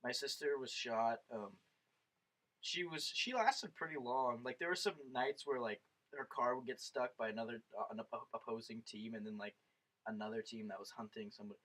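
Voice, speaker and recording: A young man co-hosting a casual podcast, who jumps in with quick asides and stories. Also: medium pitch, fairly bright tone, rough recording. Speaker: podcast co-host. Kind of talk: casual chat.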